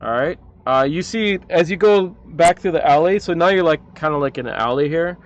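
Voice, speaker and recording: Guy game-mastering a tabletop session, bit high voice, laid back, faint music behind. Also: fairly quick. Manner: easygoing, filler-heavy narration. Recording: slightly muffled home mic with faint music.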